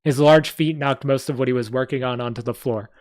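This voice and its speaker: A man's voice: medium pitch, fairly quick, a little mellow, no room sound. A man reading a story aloud on a live stream, with small slips and asides. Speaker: story reader.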